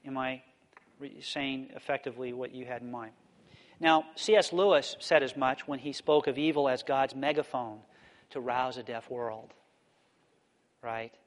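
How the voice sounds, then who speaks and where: A man giving a theology lecture and answering questions, explaining in a thoughtful, measured way. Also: mid-range voice, big-room sound.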